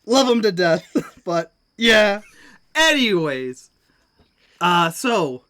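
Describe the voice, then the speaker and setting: A player in a tabletop game, animated and laughing between lines. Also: medium pitch, extremely slow. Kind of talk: in-character tabletop play.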